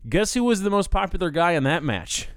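A man co-hosting a casual podcast chat, sarcastic and animated, laughing often as he talks. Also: high voice, fairly quick, heavy background noise. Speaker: podcast co-host.

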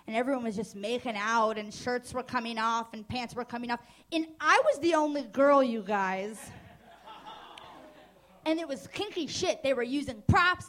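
A woman's voice: sits high, a bit bright. A young woman from New Jersey doing a stand-up comedy set on a club stage, casual and crude, with hesitant fillers and self-mocking asides.

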